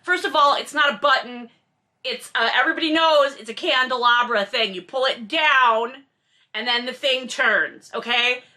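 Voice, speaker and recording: A woman's voice: sits high, normal speed, sharp tone. A woman in her forties reading a novel aloud and mocking it with sarcastic, exasperated asides. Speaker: host reading and commenting on a novel. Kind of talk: comedic book commentary.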